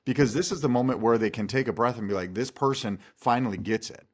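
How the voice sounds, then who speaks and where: A man who is a guest expert, giving calm, instructive answers in an interview. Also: mid-range voice, fast talker. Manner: calm, instructive, steady delivery.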